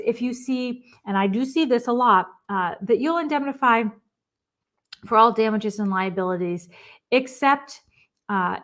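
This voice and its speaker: A woman presents a professional webinar over what sounds like a desk microphone on a video call. Her voice sits a little high for a woman. She explains points emphatically and slips into quick acted-out client quotes. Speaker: risk management presenter.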